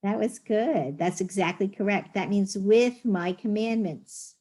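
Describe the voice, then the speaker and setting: Patient woman teaching slowly. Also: mid-range voice, mellow. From United States. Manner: slow, patient, sounding words out clearly. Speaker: teacher of a Hebrew reading class. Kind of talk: online class teaching.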